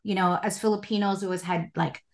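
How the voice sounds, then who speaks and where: A woman in her forties, a spiritual life coach, telling a personal story in a casual interview with animated, expressive delivery and frequent laughter. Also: mid-range voice, fast.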